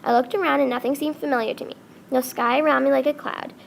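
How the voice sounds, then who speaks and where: Woman storyteller, fairly high, some vocal fry, halting read with restarts. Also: steady tone, a little hiss or hum. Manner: halting, with frequent restarts and self-corrections. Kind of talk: reading a first-person story aloud.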